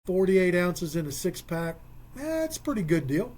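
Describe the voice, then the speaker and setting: A man's voice: high voice, very animated, normal speed, darkish tone. A man hosting a radio sports talk show, casual and joking, telling stories and working things out aloud. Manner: joking, storytelling, thinks aloud with math.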